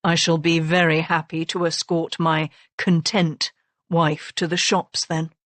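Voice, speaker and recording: Woman voicing low, dry Regency husband. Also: flat delivery, measured pace, dry recording. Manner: low, soft and dryly commanding. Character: blunt self-made Regency husband, low and guarded. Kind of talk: audiobook character voicing.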